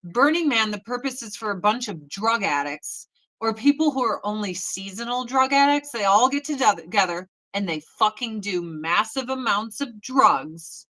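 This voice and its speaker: Profane, bright-voiced woman in her forties. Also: a little high, expressive, moderate pace, low-quality recording. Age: 40s. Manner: blunt, profane, mocking mimicry. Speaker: host. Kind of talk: casual chat.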